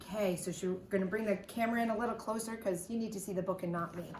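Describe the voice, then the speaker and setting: A woman's voice: mid-range voice, steady tone, racing, darkish tone, a little hiss or hum. A woman teacher reading a picture book aloud to children, with chatty asides to the kids. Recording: echoey room.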